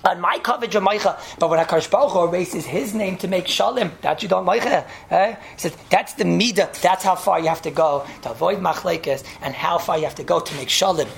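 A man's voice: sits high, a little fast, vocal fry, hardly any pauses, slight background noise. A man teaching a Talmud class, telling the story animatedly and repeating himself, with Yiddish and Hebrew terms mixed in. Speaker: Torah teacher.

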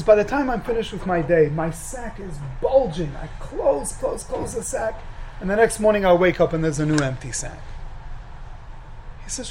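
Man, rabbi, lively sermon, high voice, acts out dialogue, faint background noise. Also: a little fast, low-quality recording. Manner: animated, acts out dialogue, repeats phrases for emphasis. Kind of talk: sermon with storytelling.

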